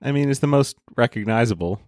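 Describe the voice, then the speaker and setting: A man co-hosting a podcast in casual comedy chat, deliberate with a dry humor. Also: mid-range voice, lively intonation, a little mellow, no room sound. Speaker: podcast co-host.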